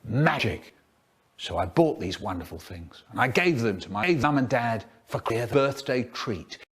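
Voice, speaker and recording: A man telling stories to an audience of children. His pitch sits in a middle register but leaps and dips all over the place, and he is theatrical and expressive, leaning hard into every phrase. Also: a little slow, breathy edge. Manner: animated, expressive storyteller with big swoops in pitch. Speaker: children's poet and teacher. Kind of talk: storytelling talk, chopped into a comedy remix.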